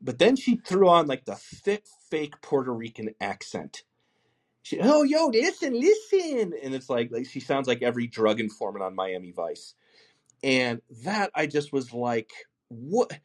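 A man's voice: medium pitch, animated, normal speed. A man hosting a call-in talk show, giving blunt, profane political commentary in a rambling way with restarts. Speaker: podcast host.

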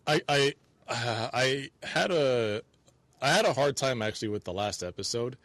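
A man co-hosting a podcast, giving his views in a thoughtful, halting way and repeating words as he thinks. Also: mid-range voice, animated, a bit bright, no echo. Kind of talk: casual chat.

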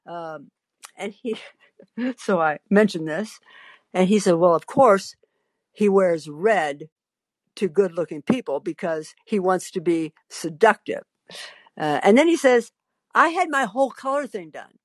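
A woman's voice: lowish voice, slow pace, long pauses, a little mellow, no room sound. Wry storytelling woman, dry close sound. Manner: wry, theatrical, quotes people in dialogue. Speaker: podcast host. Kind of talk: storytelling monologue.

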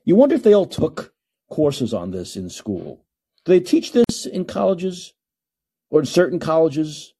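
A man's voice: a little high, sing-song, a little slow, warm tone, husky. A man hosting a call-in podcast, ranting emphatically and repeating himself for effect. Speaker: podcast host.

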